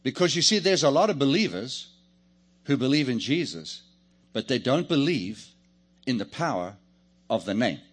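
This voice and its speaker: A man preaches to his congregation, his voice sitting in an ordinary middle register. His pitch rises and falls constantly, with lively swoops for emphasis. He jokes and calls for answers from the people in front of him. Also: moderate pace, pauses often. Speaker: pastor. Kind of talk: sermon.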